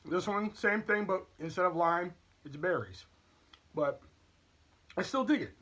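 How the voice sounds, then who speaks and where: A man's voice: high voice, unhurried, fairly bright tone. A man hosting a casual product review and haul vlog, talking in a candid, chatty, rambling way. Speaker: YouTube channel host.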